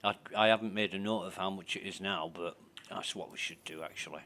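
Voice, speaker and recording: A man's voice: low voice, a little fast, sharp tone, slight background noise. A man commentating casually on his gameplay, thinking aloud, muttering and swearing. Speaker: game streamer.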